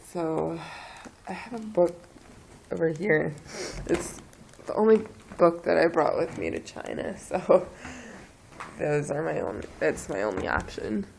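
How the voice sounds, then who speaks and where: A young woman from the Philadelphia area, with a southeastern Pennsylvania accent, speaks casually in an accent-tag vlog. She is halting and hesitant, full of fillers, and sounds a bit stuffy from a cold. Her voice is deep, expressive, and a little mellow with vocal fry, on a low-quality recording with slight background noise.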